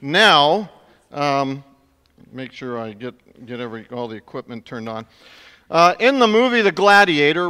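Bright-voiced preacher in a reverberant hall. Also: male voice, on the high side, clean tone. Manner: conversational, building to emphatic peaks. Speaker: pastor. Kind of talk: sermon. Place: church sanctuary.

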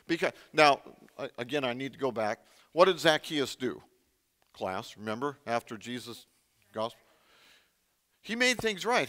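A man's voice: medium pitch, fairly bright tone, in a large hall. A man preaching a sermon in a conversational way, often quizzing the congregation with questions. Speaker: pastor.

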